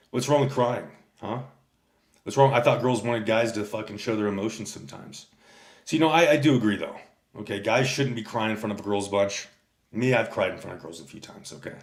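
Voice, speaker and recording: A low-voiced man rambles through a casual livestream rant, swearing constantly as he tells stories and answers his chat. His voice rings in a noticeably echoey room. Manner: profane, rambling storyteller.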